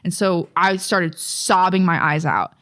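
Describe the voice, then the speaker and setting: A woman's voice: fairly low pitch, lively intonation, unhurried, a bit bright. A young woman co-hosting a podcast, telling a childhood story in a rambling, profane, casual way full of fillers. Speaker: podcast co-host.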